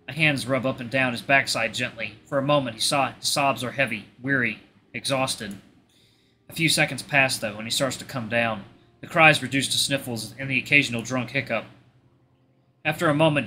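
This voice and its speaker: A man reading a visual novel aloud in expressive first-person narration, stumbling now and then. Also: mid-range voice, slight background noise. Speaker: let's play host.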